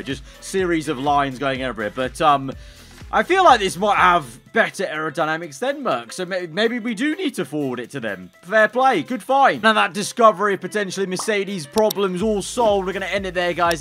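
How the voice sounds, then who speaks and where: A man's voice: high voice, sharp tone. A young man chatting through memes in a casual, joking reaction commentary and laughing often. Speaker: F1 content creator.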